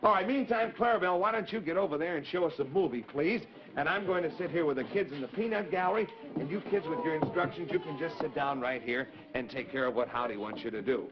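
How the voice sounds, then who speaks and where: Heard through a dull, slightly hissy vintage broadcast, a man with a higher-leaning, animated voice rattles along quickly with few pauses. He's the cheerful host of a live 1950s kids' show, talking with the children in the crowd.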